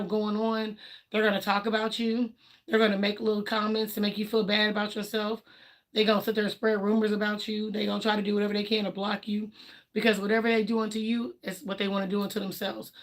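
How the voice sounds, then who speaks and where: A woman hosts a livestream and talks frankly about her own life in loose, colloquial speech. She acts out what other people said to her, often switching into their voices for a line or two. Her voice sits at a middle pitch. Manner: candid and emphatic, acts out quotes of others; colloquial, laughs between points. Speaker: livestream host. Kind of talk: casual personal talk on a livestream.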